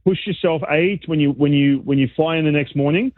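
Australian man, guest analyst on a call-in, higher voice, dry phone-line sound, chatty with lots of restarts. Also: fairly quick, no echo. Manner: chatty, animated, frequent restarts. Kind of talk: casual sports radio chat.

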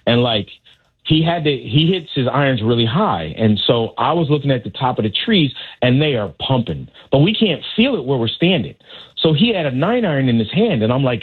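A husky-voiced man calls in and spins animated stories, jumping into different voices. The phone line makes him sound thin and narrow. His pitch sits in the middle range. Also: moderate pace. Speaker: golf caddy, guest. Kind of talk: casual storytelling on a radio show.

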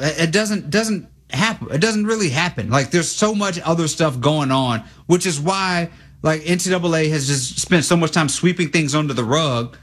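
A young man co-hosting sports radio, talking in a rambling, animated way with many fillers and restarts. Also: a little high, moderate pace, hardly any pauses. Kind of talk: casual sports talk.

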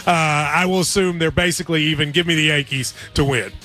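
A man's voice: fairly high pitch, steady tone, fairly quick, sharp tone. A man hosting a sports radio show, bantering playfully about picks. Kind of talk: casual sports betting chat.

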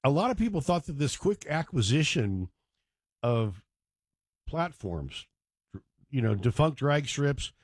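A man's voice: mid-range voice, sing-song, unhurried, long pauses, dry recording, clean studio sound. A man hosting a talk radio show, rambling and digressing with joking asides. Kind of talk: casual talk radio monologue.

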